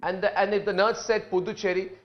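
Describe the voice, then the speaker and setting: A man anchors a heated news debate in Indian English, his voice set fairly high for a man. He speaks forcefully and keeps repeating himself to take back the floor from the panelists. The broadcast audio sounds slightly dull. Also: little pitch movement, fast.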